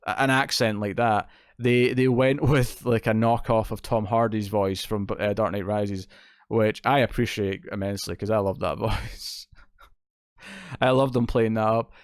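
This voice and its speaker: A man's voice: fairly low pitch, fairly even intonation, a little slow, clean tone, dry recording. Casting: male film reviewer, conversational and rambling, resonant voice, dry close sound. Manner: rambling, with many fillers and restarts. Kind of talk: casual spoken movie review.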